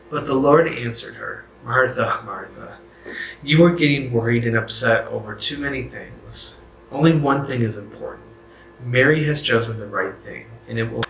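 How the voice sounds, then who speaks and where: Bright-voiced man teaching a youth bible lesson. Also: mid-range voice, echoey room, slight background noise, rough recording. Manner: conversational, self-correcting, asks viewers questions. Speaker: youth group leader.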